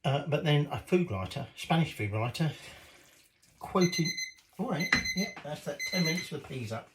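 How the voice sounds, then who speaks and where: A man's voice: on the high side, expressive, moderate pace, heavy background noise. A man chatting cheekily while cooking in his home kitchen, swearing casually as he goes. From Britain.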